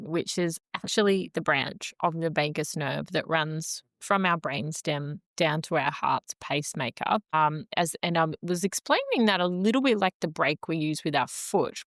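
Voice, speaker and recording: Low-voiced woman explaining calmly. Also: dry recording, studio quality. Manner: calm, measured, teacherly explaining with many fillers. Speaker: nervous system expert guest. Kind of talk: explanatory podcast interview.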